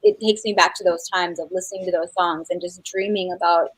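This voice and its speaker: A woman's voice: lowish voice, fairly even intonation, brisk, slightly rough, no room sound, poor audio. A middle-aged woman from New Mexico, a singer chatting as a guest in an interview, rambling with lots of fillers and restarts and laughing easily. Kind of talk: casual interview chat.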